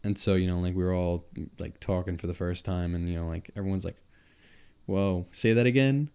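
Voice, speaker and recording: A young man with a Long Island accent, a podcast guest telling stories in an animated, profane, casual way. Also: low voice, fast talker, clear, resonant tone. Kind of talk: casual chat.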